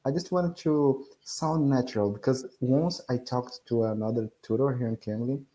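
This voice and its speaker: A man's voice: medium pitch, moderate pace, dark tone, poor audio. A man from Brazil with a Brazilian Portuguese accent, a student who eagerly asks questions and laughs often on a video call. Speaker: English student.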